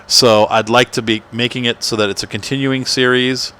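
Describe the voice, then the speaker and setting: A man's voice: medium pitch, little pitch movement, normal speed, pushed and bright, slight background noise. A man chatting casually as he plays and hosts his gaming channel, rambling and poking fun at himself. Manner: chatty, rambling, self-deprecating. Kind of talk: casual gameplay commentary. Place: home room. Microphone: desk microphone.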